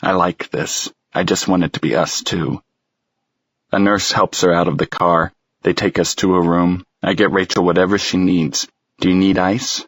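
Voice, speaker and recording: A man narrating a romance audiobook in the first person, quiet and tender. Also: low voice, fairly even intonation, normal speed, breathy edge, dry recording.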